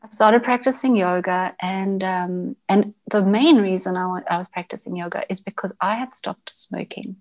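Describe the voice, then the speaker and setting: Woman chatting about her life, stops and restarts a lot, middle pitch. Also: darkish tone. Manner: halting, frequent restarts and repeated words. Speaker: interview guest. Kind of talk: casual personal storytelling.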